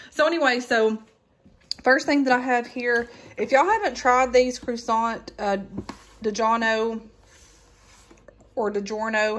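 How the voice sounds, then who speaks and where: A woman's voice: on the high side, a bit bright. A woman, casually chatting through a grocery haul with lots of ums and folksy asides. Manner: rambling with many ums, folksy Southern-style exclamations. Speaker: vlogger showing a grocery haul. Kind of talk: casual chat.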